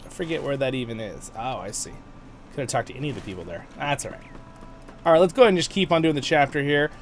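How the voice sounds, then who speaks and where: A man's voice: medium pitch, sing-song, fast. A man hosting a game livestream, chatting casually and playfully while he plays, often laughing. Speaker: game streamer and host. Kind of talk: casual gameplay commentary.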